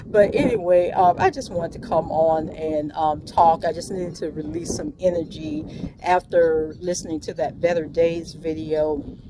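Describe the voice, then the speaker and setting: A middle-aged woman rambling earnestly and prayerfully on a morning walk, talking into a handheld phone with many ums. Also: on the low side. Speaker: vlogger. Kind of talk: rambling walk-and-talk monologue. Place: outdoors on a morning walk by the bay. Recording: outdoor traffic and wind noise.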